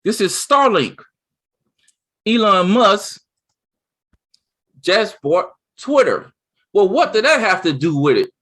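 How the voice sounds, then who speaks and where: A man co-hosting a casual chat, talking excitedly and rambling, with many restarts. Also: sits high, slow, long pauses. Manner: excited, rambling, with lots of restarts and "you see what I'm saying". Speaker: co-host.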